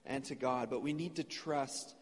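A man's voice: medium pitch, moderate pace, breathy edge. A man preaching a sermon as pastor, earnest and conversational, in a church sanctuary. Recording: long church reverb.

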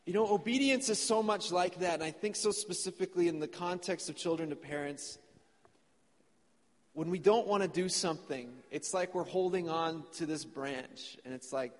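A male pastor delivers a sermon in an earnest, conversational way. His voice sits a bit high for a man. A long reverb from the church sanctuary hangs after his phrases. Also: normal speed.

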